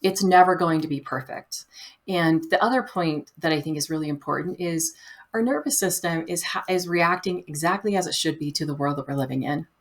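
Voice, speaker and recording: A woman guest on a podcast, talking in a gentle, reflective way and often acting out the voice in someone's head. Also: sits low, brisk. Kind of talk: conversational interview.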